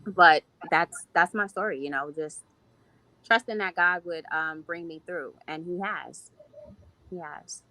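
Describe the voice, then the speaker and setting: Bright-voiced woman sharing a heartfelt story. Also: lowish voice, measured pace, poor audio. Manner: heartfelt, reflective, speaks in long flowing runs. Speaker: podcast guest. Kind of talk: personal testimony in a podcast interview.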